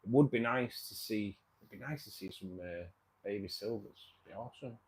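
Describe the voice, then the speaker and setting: A man's voice: lowish voice, moderate pace, a little mellow. A man hosting a casual livestream, chatting with viewers in a rambling way, repeating himself and calling people mate. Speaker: livestream host.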